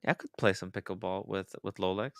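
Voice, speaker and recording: A man's voice: low voice, steady tone, brisk, vocal fry, a bit bright, no room sound, studio quality. A man hosting a casual livestream chat, playful and exclaiming, laughing often. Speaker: show host.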